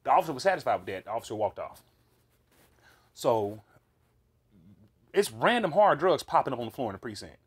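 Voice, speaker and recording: A man's voice: mid-range voice, brisk, pauses often, husky. A man recounting a vivid dream in a casual monologue, swearing freely and rambling with fillers and restarts. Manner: profane, animated, rambling with fillers.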